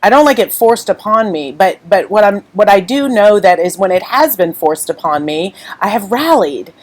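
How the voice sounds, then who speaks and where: Craft lady going live from home, rambly and emotional, fighting tears, middle-pitched voice. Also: animated, moderate pace, rough recording. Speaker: craft artist hosting a live stream. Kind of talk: unscripted live chat with viewers.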